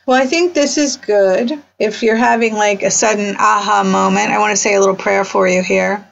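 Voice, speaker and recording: A woman's voice: medium pitch, fairly even intonation, moderate pace, gravelly. A middle-aged woman hosting a faith-based talk, explaining with everyday analogies in an earnest, counseling manner and closing in prayer. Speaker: podcast host, counselor. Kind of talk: casual faith-based discussion. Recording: dull lo-fi sound.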